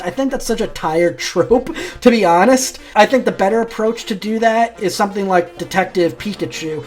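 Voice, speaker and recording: A woman's voice: medium pitch, normal speed, hardly any pauses, darkish tone, faint music behind. A woman hosting a casual commentary video, giving her opinions in a chatty, opinionated way and often restarting her sentences.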